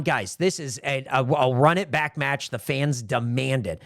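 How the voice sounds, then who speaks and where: A young man casually chatting and narrating a wrestling game with friends, animated and swearing freely. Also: medium pitch, a little slow, hardly any pauses, dry recording, studio quality. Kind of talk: casual chat, play-by-play of a game.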